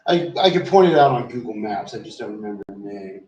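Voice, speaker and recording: A man's voice: on the low side, expressive, fast, a little mellow, dull audio, a little hiss or hum. A man telling a loose, rambling story in casual chat, swearing freely and trailing off in fillers. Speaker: vlogger. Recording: roomy echo, distant from the mic.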